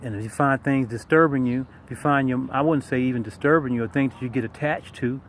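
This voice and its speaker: A man's voice: medium pitch, fast, slight background noise. A man teaching a meditation practice in a casual, emphatic way, talking straight to the listener and repeating his key points. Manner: informal, repetitive, emphatic, talks straight to the listener. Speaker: tai chi and meditation teacher. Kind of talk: casual spoken lesson.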